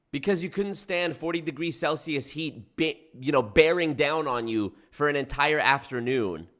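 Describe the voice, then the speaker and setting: A man in his twenties commenting sarcastically on a clip, his voice somewhat higher than average. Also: expressive, normal speed, few pauses, a bit bright. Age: 20s. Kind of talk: reacting to a clip.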